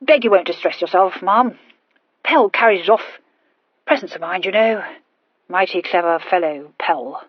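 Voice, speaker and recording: A fussy, punctilious gentleman, played by a woman narrator, speaks in clipped, breathless phrases that drop their small words. The voice is husky and slightly breathy. The recording is dull and lo-fi, with a dry sound. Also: fairly low pitch, normal speed, dry recording. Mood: flustered.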